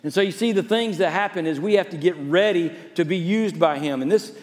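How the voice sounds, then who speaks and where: A male pastor preaching a storytelling sermon, turning from emphatic to soft and hushed. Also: high-pitched, brisk, in a large hall.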